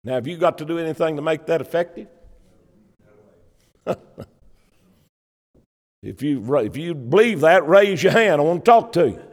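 A man's voice: fairly high pitch, animated, normal speed, pauses often, a little mellow. A man preaching a sermon and quoting scripture in old King James wording, with fervent, rising emphasis. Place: church. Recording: long church reverb.

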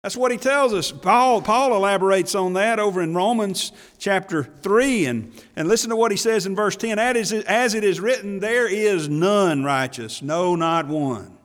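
A man preaches in a high, light voice, folksy and animated, chuckling between points. He quotes scripture in old English wording. The long reverb of a church hall trails behind every line. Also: normal speed, hardly any pauses. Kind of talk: sermon.

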